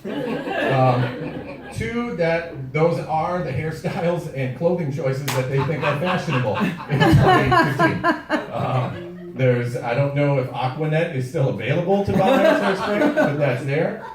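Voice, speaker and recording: A man's voice: on the high side, big pitch swings, a little slow, a loud crowd. A man from Wisconsin doing a stand-up comedy set, telling conversational stories and laughing often. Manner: conversational storytelling with frequent laughs. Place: comedy club stage. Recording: echoey room, mic at a distance. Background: audience laughter.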